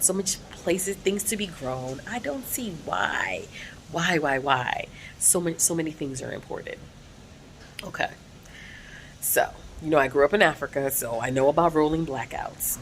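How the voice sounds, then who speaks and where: Woman, American accent, low voice, outspoken, emphatic, casual vlog, faint background noise. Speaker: vlogger.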